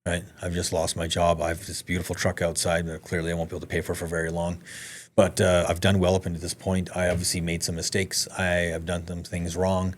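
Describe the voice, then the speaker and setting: A man, a podcast guest, telling a story in casual conversation, animated, swearing freely and acting out the dialogue. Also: low voice, brisk, slight background noise.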